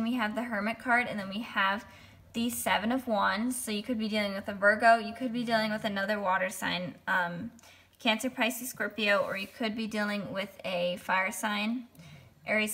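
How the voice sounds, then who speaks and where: A young woman giving a casual tarot reading, talking hesitantly with many pauses and restarts. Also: mid-range voice, steady tone, sharp tone. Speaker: tarot reader.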